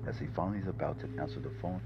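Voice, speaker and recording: A man's voice: very deep voice, very fast, dull audio, over loud music. A man casually narrating a homemade crime story, with loose phrasing and slips.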